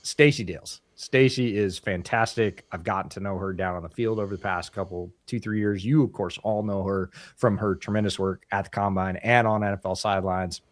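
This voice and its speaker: A man with a lowish voice tells a story on a sports podcast, acting out what people said. The sound is dry and close, with no room echo. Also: brisk, hardly any pauses. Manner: animated storyteller, acts out quotes. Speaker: podcast co-host. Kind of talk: casual chat, storytelling.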